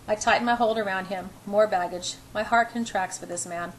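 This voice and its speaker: A woman's voice: medium pitch, fairly even intonation, fairly quick, hardly any pauses, slight background noise, poor audio. A woman reading a novel in the first person, narrating her inner thoughts wryly, with small restarts. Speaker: audiobook reader.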